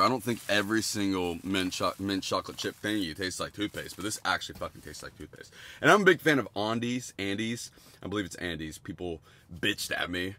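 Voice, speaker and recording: Brief: twenties male streamer, lowish pitch, crude rambling food-review chatter, sudden excited spikes. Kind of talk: casual livestream food review.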